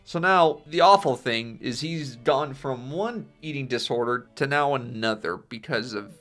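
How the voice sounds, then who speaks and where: A man reading out a film pitch scene by scene, with casual asides. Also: normal speed, hardly any pauses, a bit bright, soft background music. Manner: plain storytelling with casual asides. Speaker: channel host pitching a film.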